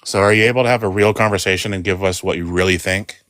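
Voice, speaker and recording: A man's voice: low voice, fairly even intonation, fast, fairly bright tone, no room sound, clean studio sound. A man in an online debate, speaking bluntly and dismissively.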